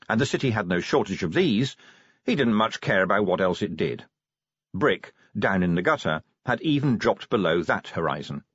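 A man reads a comic fantasy audiobook with wry, animated storytelling. His voice sits low and husky and moves in lively swoops of pitch. The recording is dry and a little dull. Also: no room sound. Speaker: audiobook narrator. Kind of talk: scripted narration.

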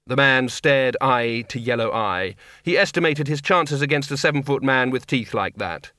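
A man narrating an audiobook with a wry, expressive reading. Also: medium pitch, normal speed, hardly any pauses, no echo, clean studio sound.

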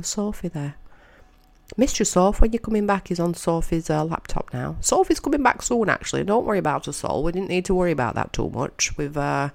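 A woman's voice: lowish voice, vocal fry. A woman giving casual, wry commentary as she narrates a film, chatting and thinking aloud. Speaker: audio narrator.

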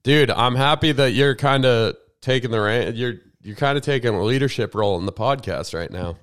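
A man's voice: mid-range voice, brisk, fairly bright tone. A man co-hosting a podcast in laid-back, teasing casual chat. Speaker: podcast co-host.

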